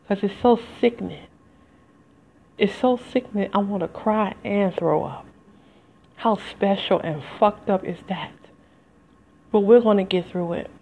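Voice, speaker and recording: A woman speaking in a heartfelt, rambling solo podcast monologue straight to her listeners. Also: mid-range voice. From United States. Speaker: podcast host. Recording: slightly dull lo-fi home recording.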